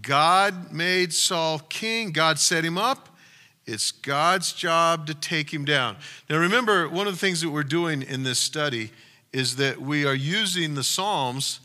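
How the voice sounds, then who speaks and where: A man's voice: fairly high pitch, pushed and bright. A male pastor giving a sermon in a conversational way, retelling a story with asides to the congregation. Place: church.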